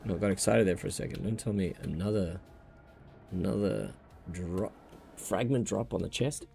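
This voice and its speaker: A man's voice: sits low, lively intonation, moderate pace, vocal fry, dark tone, faint music behind. A man with a New Zealand accent hosting a casual gaming livestream, rambling and joking as he talks and laughs often.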